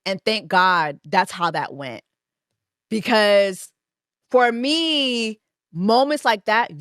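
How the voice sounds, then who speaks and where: A woman in her thirties tells a story on her podcast in a loose, animated, profane way. Her voice is middle in pitch. It is recorded dry and close, with no room sound. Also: slow, no echo. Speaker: podcast host. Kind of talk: casual storytelling monologue.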